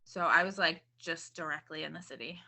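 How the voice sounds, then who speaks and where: A woman's voice: sits low, brisk, vocal fry, pushed and bright. A young adult woman with a Boston accent, chatting casually as an interview guest with lots of "like" and "um". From Boston, Massachusetts. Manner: chatty, filler-heavy with "like" and "um".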